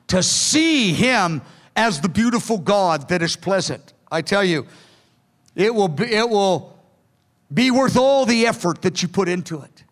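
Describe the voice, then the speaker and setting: A man's voice: sits high, animated, normal speed, a bit bright. A man preaching a sermon in an earnest, pleading way, sometimes acting out quoted lines. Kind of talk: sermon teaching from notes.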